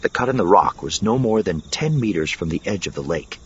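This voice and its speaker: A man narrating an audiobook in an expressive, dramatic reading. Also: sits low, a little fast, breathy edge. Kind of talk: scripted narration. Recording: dull lo-fi with steady noise.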